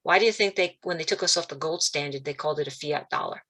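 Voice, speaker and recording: Woman guest on a video call, bright and animated storyteller, acts out quotes. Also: fast talker. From Italian-American, Calabrese roots. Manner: animated storytelling, quotes voices with big pitch jumps. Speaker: guest speaker. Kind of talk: spiritual talk on a video call.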